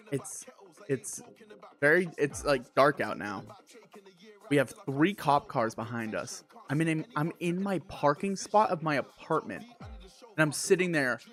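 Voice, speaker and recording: A young man tells a story on a live stream in a rant full of swearing, jumping into loud, disbelieving outbursts. His voice sits a little high for a man. Faint music plays underneath. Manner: animated, profane storytelling with sudden incredulous outbursts. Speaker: livestreamer.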